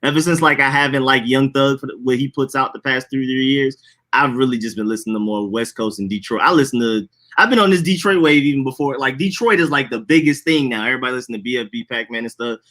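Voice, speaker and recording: A young adult man co-hosting a podcast in casual chat, laughing often and talking in a loose, animated way. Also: medium pitch, quick pace. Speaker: podcast co-host.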